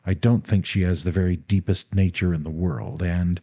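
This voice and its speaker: A proud, bitter young man with a cold, clipped edge, cutting in sharply and pressing his point, as a man reads him. The voice sits low and mellow. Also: fairly even intonation, moderate pace, slightly rough.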